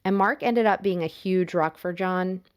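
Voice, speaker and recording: A woman with a lowish voice co-hosts a podcast, recounting a true crime case at a moderate pace. She tells it casually and playfully, laughing as she goes.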